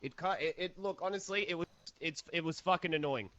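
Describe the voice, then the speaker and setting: A man playing an easygoing small-town sheriff with an Australian accent, rambling with halting restarts in an improvised interview. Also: a little high, pushed and bright. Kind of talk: improvised role-play interview. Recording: dull lo-fi game voice chat.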